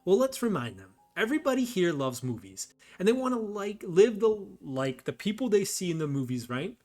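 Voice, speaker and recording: A cocky, foul-mouthed mobster out of a game , voiced by a man. He talks in hard gangster patter with a wobbling put-on accent that slides between New York and Irish, his voice pitched fairly high and loud. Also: very animated, moderate pace. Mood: brash persuasive. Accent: mixed put-on gangster New York and Irish. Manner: tough gangster talk, heavy swearing.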